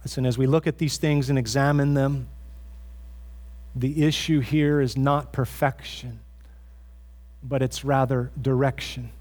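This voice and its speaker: A man's voice: mid-range voice, steady tone, unhurried, long pauses, a little mellow. A man preaching a sermon as pastor in a church, earnest and conversational, often restarting his phrases.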